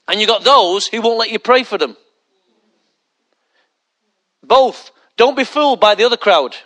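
A man's voice: high-pitched, lively intonation, unhurried, pushed and bright. A male pastor preaching a conversational sermon full of rhetorical questions and mocking asides.

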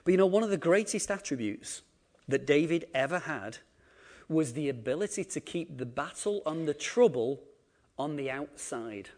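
A man preaching a sermon, acting out quotes and swinging between loud emphasis and quiet asides. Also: a little high, animated, normal speed. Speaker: pastor.

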